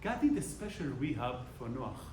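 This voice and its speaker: A man's voice: mid-range voice, moderate pace, echoey room. Male rabbi, storytelling sermon, slightly distant mic, faint room noise. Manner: animated, acts out dialogue in changing voices. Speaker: rabbi giving a weekly class. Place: synagogue hall.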